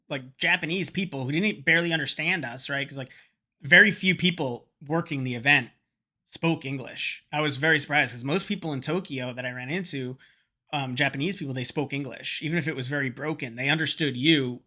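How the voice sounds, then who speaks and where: A man's voice: mid-range voice, brisk, bright, forceful tone. A man vlogging, telling a rambling, profane story in a casual chat to camera and slipping into quoted voices.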